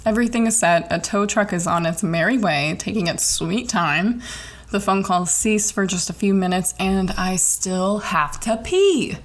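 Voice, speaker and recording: On the podcast she hosts, a college-age young woman shares a personal story at an unhurried pace and medium pitch. Her delivery is lively and conversational, heavy on swearing and the filler word "like."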